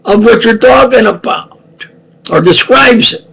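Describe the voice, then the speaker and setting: A man's voice: extremely high pitch, unhurried, vocal fry, a bit bright, a little hiss or hum, pitched above the performer's own voice, heavily acted. A man voicing an Italian man learning English, earnestly explaining grammar. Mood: insistent.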